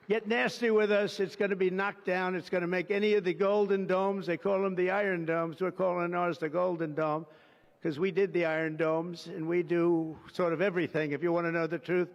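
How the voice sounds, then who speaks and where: Rambling man with a high voice at a podium. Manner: rambling, ad-libbed asides heavy with superlatives. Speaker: president addressing a signing ceremony. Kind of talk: off-the-cuff ceremonial speech. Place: outdoor ceremony through a public address system. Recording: dull lo-fi broadcast feed with long reverb.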